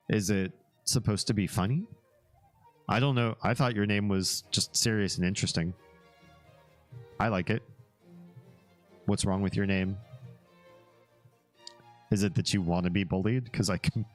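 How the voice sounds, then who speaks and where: Low-voiced male streamer, loose rambling chat with viewers, faint music underneath. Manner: easygoing and rambling, drifting into asides and small laughs. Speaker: livestream host. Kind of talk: casual livestream chat, reacting to a web page and chat.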